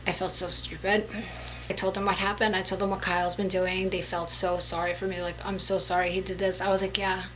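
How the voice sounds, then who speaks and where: A woman's voice: lowish voice, little pitch movement, fairly quick, a bit bright, slight background noise, rough recording. A young woman telling a story in a casual vlog, emphatic and chatty, with many fillers.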